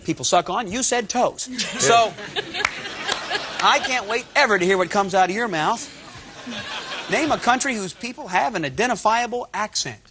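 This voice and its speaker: A man's voice: high-pitched, expressive, moderate pace, pauses often, crowd noise. A man hosting a game show, joking and teasing contestants. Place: television studio with audience. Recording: loud studio audience and noise.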